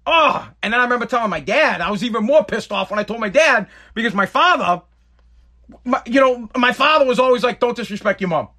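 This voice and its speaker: A man telling a personal story in a blunt, profane, animated way. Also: very high-pitched, brisk.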